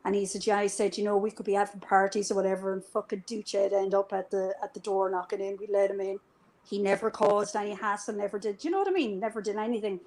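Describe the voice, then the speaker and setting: Animated woman telling a story. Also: mid-range voice, fast talker, low-quality recording. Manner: animated, swears freely, acts out quoted dialogue. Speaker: interview guest. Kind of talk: casual storytelling. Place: live stream conversation.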